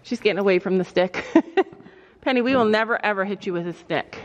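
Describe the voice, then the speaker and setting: A woman vlogging outdoors with horses, talking softly and coaxingly to a nervous pony, recorded on a camera mic. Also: medium pitch, brisk, big-room sound, dull audio, a little hiss or hum. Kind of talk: casual vlog narration.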